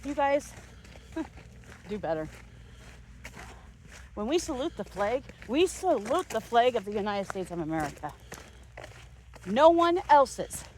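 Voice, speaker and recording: A woman's voice: mid-range voice, very animated, unhurried, pauses often, darkish tone, a little hiss or hum. A middle-aged woman vlogger delivering a heated, emphatic and sarcastic rant, recorded outdoors while on a walk. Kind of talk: angry rant.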